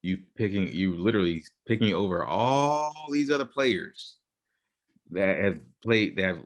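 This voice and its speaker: Deep-voiced man arguing in podcast chat. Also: a little slow. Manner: argumentative, lays out theories, repeats himself. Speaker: podcast co-host.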